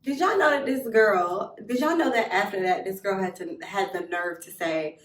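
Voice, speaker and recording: A young woman telling a personal story in a casual, animated way, blunt and swearing freely. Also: mid-range voice, normal speed, hardly any pauses, distant mic. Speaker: storytime vlogger. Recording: roomy echo, a little off mic.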